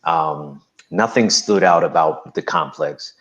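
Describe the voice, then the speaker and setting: A man recounting a personal story as an interview guest, animated and acting out quotes. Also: sits low, takes it slowly, dull audio.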